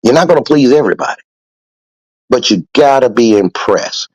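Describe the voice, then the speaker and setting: A man's voice: mid-range voice, lively intonation, normal speed, darkish tone, husky, dry recording, muffled recording. Profane, emphatic male podcast host. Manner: profane, preachy, emphatic with repetition. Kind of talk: casual motivational podcast talk.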